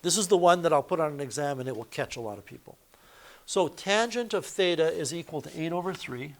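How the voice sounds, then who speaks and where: Guy teaching math to a class, kinda high voice, walks thru every step and corrects himself as he goes. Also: animated, brisk. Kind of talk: classroom lecture.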